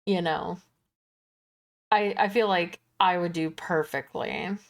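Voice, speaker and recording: A woman's voice: fairly low pitch, fairly even intonation. A woman streamer in casual chat, joking wryly and apologising offhandedly. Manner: unhurried, wry and joking.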